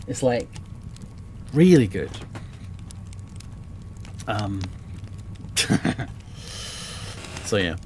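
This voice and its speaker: A man's voice: fairly low pitch, sing-song, extremely slow, pauses often, background noise. A man streaming from a home room full of bookshelves, chatting casually and enthusiastically about books and swearing freely. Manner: rambling and enthusiastic, swears often.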